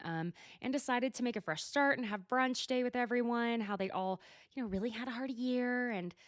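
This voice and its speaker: A woman's voice: a little high, no echo, clean studio sound. A woman host with an Oklahoma Southern accent, chatting casually and bluntly in a solo recap, often laughing. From Oklahoma, USA. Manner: giggly, chatty, blunt, swears. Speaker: podcast host.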